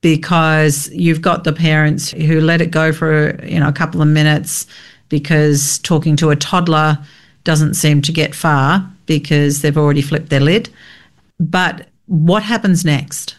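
A woman hosting an interview, asking relaxed, unhurried questions. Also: low-pitched. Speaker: host.

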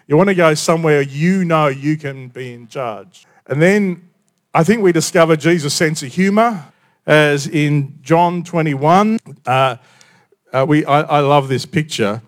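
A man preaching a sermon in a conversational storytelling way, often dropping quiet for emphasis. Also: fairly high pitch, a little slow.

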